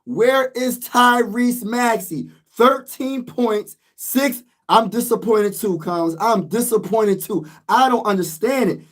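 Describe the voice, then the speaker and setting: A man's voice: sits high, takes it slowly, few pauses. Man sports vlogger, exasperated rant. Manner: venting, exasperated, repeats himself.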